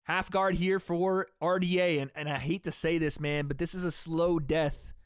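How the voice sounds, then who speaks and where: A young man calls a fight live for his stream chat in a slangy, unfiltered way. His voice sits a little high and comes through smooth and resonant, recorded dry and close. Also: steady tone, normal speed, no room sound. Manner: loose and slangy, swears, talks back to chat. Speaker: streamer hosting a fight watch party.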